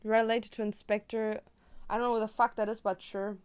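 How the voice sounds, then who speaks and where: A woman's voice: on the high side, little pitch movement, fairly quick, smooth. A young woman whose first language is German, chatting casually and playfully while crafting on a stream.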